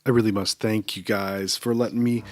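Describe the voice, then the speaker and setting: A man's voice: on the low side, normal speed, soft background music. Dramatic male poetry reader. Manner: theatrical recitation with swelling and fading volume; relaxed, rambling chat with fillers. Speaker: artist drawing on video. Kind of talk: dramatic poetry reading, then casual chat.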